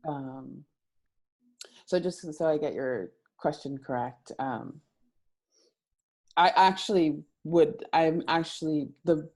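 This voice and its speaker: Low, mellow woman talking film. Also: slow pace, long pauses. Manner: rambling, many fillers. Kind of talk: virtual panel discussion.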